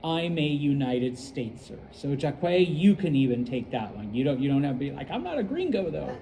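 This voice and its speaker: A middle-aged man from the United States teaching a casual classroom lesson, rambling with lots of fillers and quick check-ins. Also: medium pitch, dark tone, slight background noise, poor audio. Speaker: Spanish teacher.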